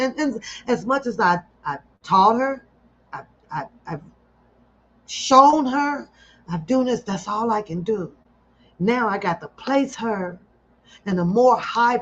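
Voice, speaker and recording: A woman's voice: medium pitch, a little hiss or hum. A middle-aged woman hosting a live stream, talking casually and bluntly to her viewers, swearing and laughing often. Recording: dull lo-fi stream audio.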